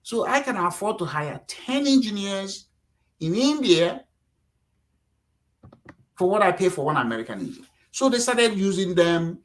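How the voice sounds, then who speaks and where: A middle-aged man from Nigeria, talking casually as a guest, animated and acting out quotes, with lots of "you know". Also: high voice, normal speed, long pauses, rough recording. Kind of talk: casual interview talk.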